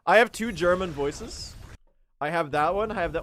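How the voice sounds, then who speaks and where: A man's voice: on the high side, moderate pace, a bit bright. A young man chatting casually on a speedrun stream, self-mocking and laughing often. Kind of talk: casual live-stream chat.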